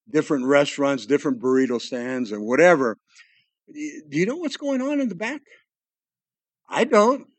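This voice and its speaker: An older man preaching a sermon as pastor, folksy and joking, swinging between loud emphasis and hushed asides. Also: a little high, no echo.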